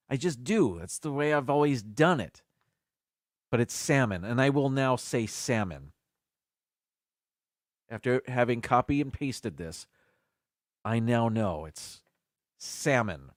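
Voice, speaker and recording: Male host, casual and chatty, sounds out each word slowly, dry close sound. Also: mid-range voice, no echo. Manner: chatty, repeats and sounds out words carefully. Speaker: live stream host. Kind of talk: casual chat on a live stream.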